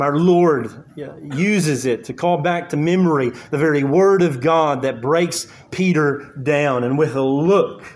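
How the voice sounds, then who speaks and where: A man preaching a sermon, earnest and halting, with frequent fillers and repeated words as he works through the scripture. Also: medium pitch, a little mellow. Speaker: pastor.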